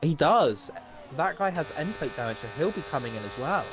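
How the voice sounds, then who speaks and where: A man doing live commentary on an online racing league, chatty and a bit halting, with frequent ums and laughs. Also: fairly high pitch, sing-song, noisy background. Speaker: race commentator.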